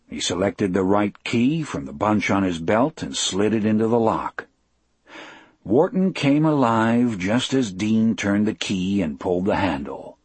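Husky man narrating an audiobook. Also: on the low side, darkish tone, no echo. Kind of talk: scripted first-person novel narration.

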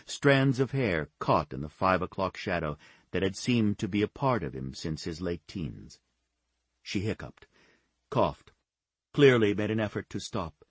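A man narrating a romance novel in a steady, measured reading on a close studio mic. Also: low voice, slightly rough, no room sound. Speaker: audiobook narrator.

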